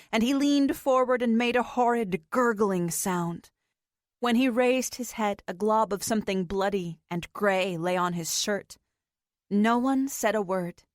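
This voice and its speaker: A woman narrating a post-apocalyptic audiobook in a slow, even storytelling voice. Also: mid-range voice, no echo, clean studio sound. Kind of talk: scripted narration.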